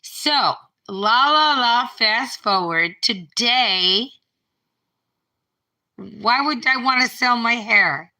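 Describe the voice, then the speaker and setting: This middle-aged woman talks extremely slowly in a high-ish, animated, sharp voice during a casual live-stream chat from her home. She wanders from point to point, restarts frequently, and reads out comments from viewers. Her phone produces a rough recording.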